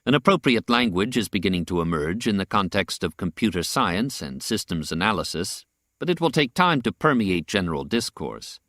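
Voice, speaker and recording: A man reads nonfiction aloud in a deep, low voice. His pitch rises and falls with lively movement, and his delivery is deliberate and measured. The recording is dry and close, with no room sound. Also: dry recording. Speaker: audiobook narrator. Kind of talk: scripted nonfiction audiobook reading.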